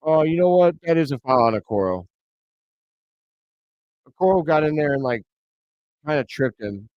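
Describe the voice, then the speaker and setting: A man hosting a live reaction stream, calling the action play by play and bursting into excited shouts on big plays. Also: a little high, moderate pace, no echo. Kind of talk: play-by-play commentary. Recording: dry, slightly dull home mic.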